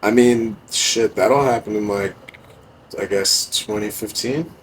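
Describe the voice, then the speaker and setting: A man's voice: on the low side, unhurried, a little hiss or hum, poor audio. A young man, a podcast guest, telling stories in a laid-back, casual way, swearing often and using many fillers. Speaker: podcast guest, music producer. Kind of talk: casual storytelling.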